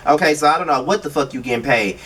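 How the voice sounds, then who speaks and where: A man's voice: fairly high pitch, quick pace, a bit bright, breathy edge, distant mic. A man giving blunt, profane, exasperated commentary while reviewing a reality TV show. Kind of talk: casual video commentary.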